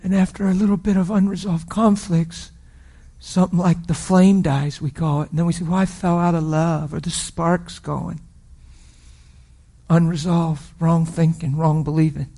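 A middle-aged man preaching, telling a personal story with emotional swings from loud declarations to hushed whispers. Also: fairly high pitch, fairly even intonation, moderate pace, slightly rough. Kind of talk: sermon testimony.

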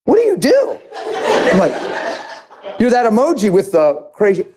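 A man's voice: high-pitched, huge pitch swings, moderate pace, crowd noise. A male preacher telling a personal story in a sermon, acting out the voices of the people in it. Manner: acts out other people's voices in his story.

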